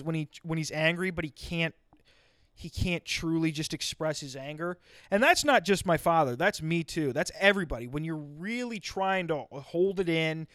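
A man's voice: fairly high pitch, fairly bright tone, no echo. A young man telling a comic story in a rambling, wry way, often interrupting himself. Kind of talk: comedic storytelling monologue.

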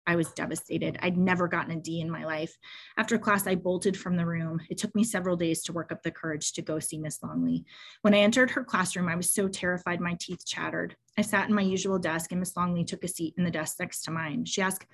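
A woman's voice: on the low side, steady tone, brisk. A woman co-hosting a show, reading a memoir excerpt aloud with feeling.

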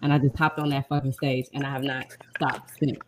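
Low-voiced, strong-willed woman comic. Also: little pitch movement, a little fast, background noise. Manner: strong-willed, blunt, earnest. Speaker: stand-up comedian. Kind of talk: casual chat.

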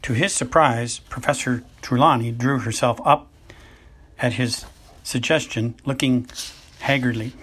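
Husky man reading a novel aloud. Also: medium pitch, steady tone, a bit bright. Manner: unhurried, occasional stumbles and self-corrections. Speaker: audiobook reader. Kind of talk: amateur audiobook narration.

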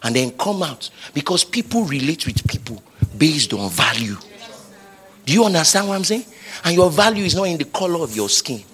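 A man with a Nigerian accent preaching a sermon, building repeated lines up to shouts. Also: on the high side, sing-song, normal speed. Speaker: pastor.

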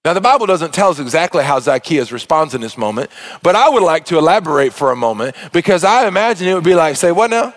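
A man preaching a sermon, retelling a Bible story in a conversational way, often dropping soft and low. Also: sing-song, quick pace.

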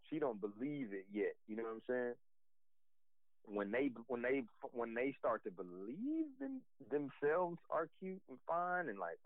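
A man's voice: lowish voice, dry recording. A man chatting casually in a laid-back, rambling way, agreeing with his co-host. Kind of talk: casual chat. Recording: dry, phone-like sound.

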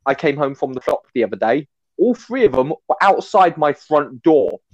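A man's voice: fairly high pitch, moderate pace, no echo, dull audio. A man co-hosting a podcast, telling his stories casually and with lots of laughter. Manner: animated, laughing storyteller. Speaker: podcast co-host. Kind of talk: casual chat, storytelling.

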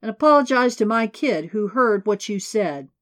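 A woman's voice: medium pitch, expressive, moderate pace, pitched above the performer's own voice, lightly acted. A woman voicing a tall, lanky young man who speaks directly and easily, in an audiobook. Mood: calm.

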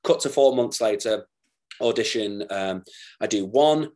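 A man's voice: on the low side, unhurried. A man with a northern English accent tells stories from his acting career in a loose, chatty way. He jumps into the voices of people he quotes and curses now and then. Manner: animated, swears, acts out quoted voices. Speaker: actor; podcast guest. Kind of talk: casual storytelling chat.

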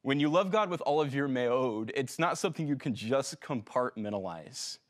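A man's voice: mid-range voice, moderate pace. Conversational man preaching a sermon. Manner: conversational, relaxed preaching with fillers and self-corrections. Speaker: pastor.

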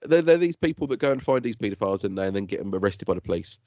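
Man, podcast co-host, teasing, lively pitch, dry lo-fi sound. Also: rapid-fire, dry recording. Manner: excitable, laughs a lot, teasing. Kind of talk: casual chat. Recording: dull lo-fi dry podcast audio.

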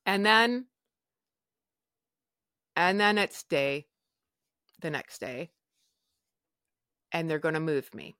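A young woman telling a personal story in a casual, animated way, acting out her own past words and swearing now and then. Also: low-pitched, takes it slowly, long pauses, no echo, studio quality. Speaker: podcast guest sharing her story.

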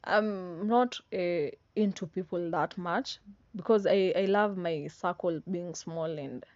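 A woman's voice: on the low side, slow pace, darkish tone, no room sound. A young woman in her twenties with a Kenyan accent, giving a casual motivational monologue, emphatic and repetitive, with slang and tag questions. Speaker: vlogger. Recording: dry, slightly dull sound.

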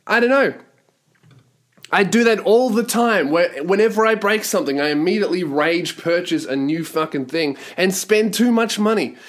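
A man with an Australian accent hosting a solo podcast, ranting profanely and exasperated, recorded in a small cramped home studio. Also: sits high. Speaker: podcast host.

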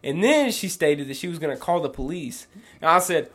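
A young man, co-host of a podcast, telling stories in an animated, profane, slang-heavy casual chat. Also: fairly high pitch, a little fast, husky.

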